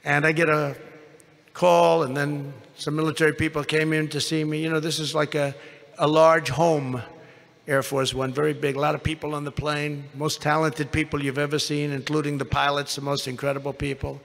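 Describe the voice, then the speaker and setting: An older man speaks from a podium with a bright, gravelly and rather high voice. He rambles through a story, piling up superlatives and going off on asides. His words ring out with the long reverb of a big arena. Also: level tone, normal speed. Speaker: rally speaker. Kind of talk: rally speech anecdote. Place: large indoor convention venue.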